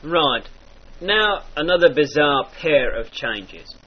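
Husky man, dialect teacher, slow with a lively pitch, mock-archaic phrasing, lo-fi recording. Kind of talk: instructional lesson with example phrases. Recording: dull lo-fi recording.

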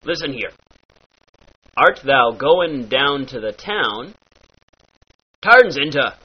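A man's voice: medium pitch, lively intonation, takes it slowly, pauses often, breathy edge. A man giving a playful lesson in pirate speech, using mock-archaic phrasing and demonstrating each sound. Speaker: accent teacher. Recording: dull lo-fi recording.

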